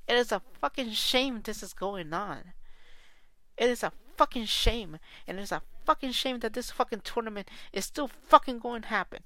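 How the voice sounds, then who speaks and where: A woman's voice: fairly high pitch, animated, normal speed, pushed and bright, no echo. A woman soccer fan podcaster delivering a heated, profane, repetitive solo rant.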